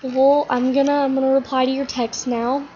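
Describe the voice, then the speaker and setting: A chatty woman vlogger rambles through a silly story, her voice a little high. The recording is slightly muffled, with a faint hiss underneath. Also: little pitch movement, moderate pace, dark tone.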